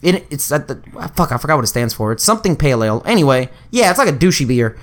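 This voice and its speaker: A young man chatting casually with a friend, his speech loose and full of slang and swearing. His pitch and pace sit in an ordinary middle range, and he laughs often as he talks. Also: big pitch swings, quick pace. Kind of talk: casual chat.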